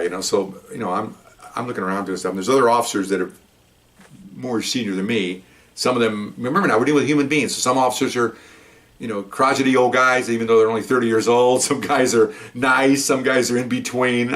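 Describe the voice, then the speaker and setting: Fast-talking older ex-cop storyteller. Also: male voice, medium pitch. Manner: rambling, animated, frequent restarts and asides. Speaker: retired police officer. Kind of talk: casual anecdotal storytelling.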